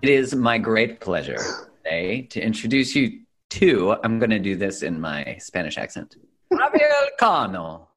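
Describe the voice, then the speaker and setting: Deep-voiced enthusiastic male podcast host. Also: animated, normal speed, faint music behind. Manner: warm, enthusiastic and chatty. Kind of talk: podcast intro and casual interview.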